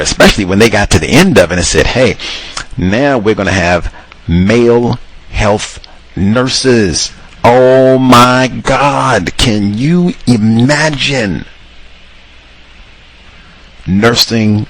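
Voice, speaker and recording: A host delivers a casual commentary monologue, addressing his listeners as cousins and imitating the people he quotes in higher voices. His voice is a bit bright with a breathy edge, and the audio quality is poor.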